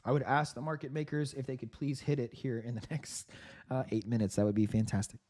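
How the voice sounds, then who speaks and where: A man hosting a live trading stream, giving upbeat market commentary with frequent laughs, clearing his throat and coughing from a sore throat. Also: mid-range voice, steady tone, brisk, a little mellow. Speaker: trading livestream host.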